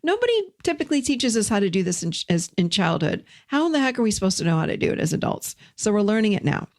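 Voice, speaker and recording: This is a middle-aged woman teaching self-help in a guided, conversational way. Her voice sits at an ordinary middle pitch. She sounds gentle and encouraging, as if she were talking one-on-one. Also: very animated, fast talker.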